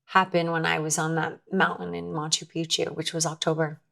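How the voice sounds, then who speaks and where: A woman guest tells a personal story in an earnest, candid conversational way, frequently starting her sentences over. Her voice is low, creaky, and fairly bright, with a flat, brisk delivery.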